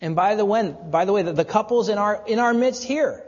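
A man's voice: sits high, brisk. A man preaching an expository sermon in a church hall, emphatic and asking the congregation questions. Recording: dull recording with long hall reverb.

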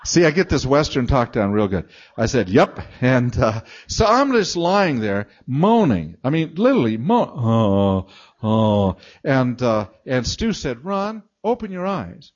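Lively older man telling funny sermon stories. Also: mid-range voice, moderate pace, highs cut off. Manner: chatty, self-mocking, acts out moans and laughs. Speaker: guest preacher and Bible teacher. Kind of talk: humorous storytelling sermon.

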